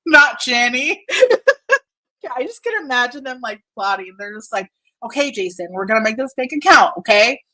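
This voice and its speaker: Laughing, mocking woman with a lively, high voice. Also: poor audio. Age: adult with a young daughter. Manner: mocking, laughs a lot, swears. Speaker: commentary channel host. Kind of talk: casual commentary over screen share.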